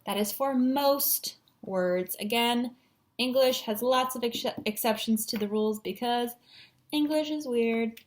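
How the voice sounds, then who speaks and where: A woman's voice: fairly high pitch, unhurried, a little hiss or hum. A woman teacher giving a patient, encouraging phonics lesson at a whiteboard, sounding out syllables.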